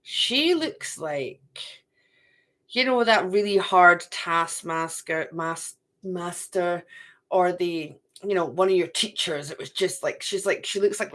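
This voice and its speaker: A woman in middle age reads oracle cards for her viewers at an unhurried pace. Her voice sits low, and she chats loosely, often thinking aloud to herself. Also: fairly bright tone. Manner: chatty, talks to herself, repeats phrases. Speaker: card reader. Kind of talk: live oracle card reading to viewers.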